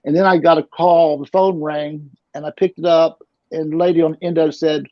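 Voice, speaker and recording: As an interview guest, a middle-aged man relates a long personal story casually, talking a little fast with a fairly high pitch and little pitch movement. His sentences frequently restart and repeat as he rambles, and the recording is dull, lo-fi, and dry.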